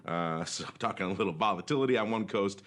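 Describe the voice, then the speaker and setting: A man with a fairly low voice hosts a casual podcast, chatty and upbeat, wandering into asides. His voice sounds a little worn from a long stretch of talking. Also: fast talker, fairly bright tone. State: voice slightly worn. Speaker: podcast host. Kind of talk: casual markets podcast hosting.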